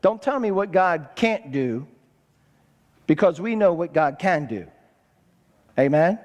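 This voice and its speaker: Speaking slowly and expressively, this pastor has a rather high voice with a darkish tone, captured in lo-fi sound. He preaches in a church sanctuary where the hall's reverb lingers, repeating words to stress them and calling on the congregation to respond.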